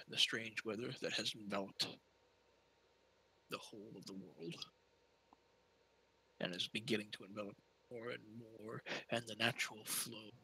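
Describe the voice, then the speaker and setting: A man voicing a bitter, fatalistic captured foe in a tabletop game, speaking low and grim. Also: pushed and bright, breathy edge, heavily acted, rough recording.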